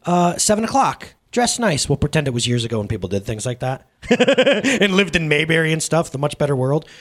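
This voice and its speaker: A male pastor preaching in a lively, conversational way, often checking in with the audience through questions. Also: a little high, brisk. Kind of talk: sermon.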